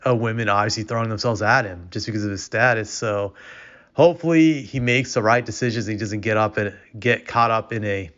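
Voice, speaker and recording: A man's voice: fairly low pitch, a little fast, a bit bright. A man giving casual, opinionated commentary as a vlogger, rambling with frequent restarts. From United States. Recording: dull lo-fi recording.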